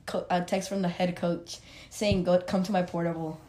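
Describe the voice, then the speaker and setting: Halting teen speaker, casual chat. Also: female voice, fairly low pitch, fairly even intonation, dark tone, roomy sound. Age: teens. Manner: halting, restarts, uses "like". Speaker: guest.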